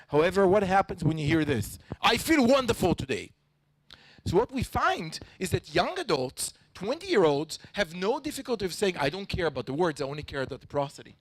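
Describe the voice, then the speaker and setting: Lively male conference speaker. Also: fairly high pitch, brisk, few pauses, no room sound, low-quality recording. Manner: lively, acts out tones of voice. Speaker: panel speaker, researcher. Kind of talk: conference talk.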